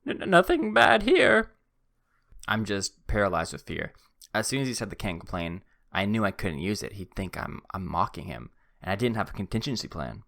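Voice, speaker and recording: This young podcast host has a low, gravelly voice that sounds animated and fairly bright, and he talks briskly with hardly any pauses. Making himself the butt of the joke, he plays both people in an exchange while casually recounting a story, tripping over words and restarting.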